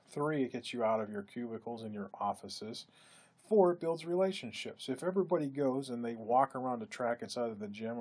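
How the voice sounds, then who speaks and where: A man with a husky, slightly breathy voice gives a relaxed lecture on leading teams. His pitch sits in an ordinary middle range. When he quotes other people, his voice lifts and grows livelier. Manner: conversational, acts out quoted speech with lifted pitch. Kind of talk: recorded lecture.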